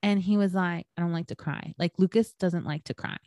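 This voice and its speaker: A young woman co-hosts a podcast in loose, casual chat. Her voice sits fairly low, and she tells stories in a rambling way, full of fillers and casual swearing. The sound is dry and close, with no room echo. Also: fairly even intonation, brisk, darkish tone. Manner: swears freely, storytelling with lots of fillers. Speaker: podcast co-host.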